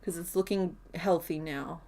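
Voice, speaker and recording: A woman's voice: on the low side, moderate pace, dark tone. A woman live-streaming as she crochets, chatting casually and rambling with frequent giggles and fillers.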